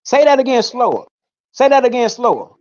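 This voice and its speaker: A man's voice: extremely high pitch, sing-song, brisk, highs cut off. A man hosting a casual debate, teasing and interrupting, repeating his demands.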